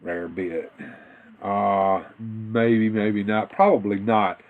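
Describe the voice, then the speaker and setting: A man's voice: on the low side, fairly even intonation, very slow. A man co-hosting a casual live stream, rambling and restarting his sentences as he chats. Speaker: co-host of a toy live stream. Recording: tinny phone-like audio.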